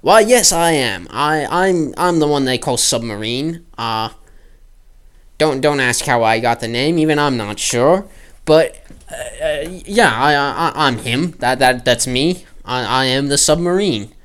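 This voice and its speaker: A man's voice: mid-range voice, animated, unhurried, a bit bright, clean tone. A man voicing a scruffy male informant who stammers and repeats himself, in a clumsy put-on accent. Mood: awkward. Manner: stammering, repeats words, then a fake working-class accent.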